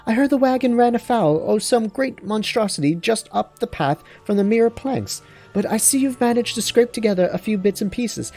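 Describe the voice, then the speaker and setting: A chatty woman merchant from a fantasy game, voiced by a man pitched way up with a put-on British lilt. The tone stays soft and mellow beneath the raised pitch, gossipy and friendly as she grumbles about the dangers nearby. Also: animated, normal speed, faint music behind. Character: chatty woman merchant, high and sing-song.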